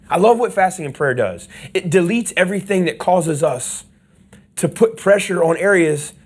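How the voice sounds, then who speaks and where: A man preaching a sermon as pastor, passionate and emphatic, leading the congregation to repeat lines back. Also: high-pitched. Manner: passionate preaching, leads call-and-response; swings from hushed asides to loud emphatic lines. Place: church sanctuary.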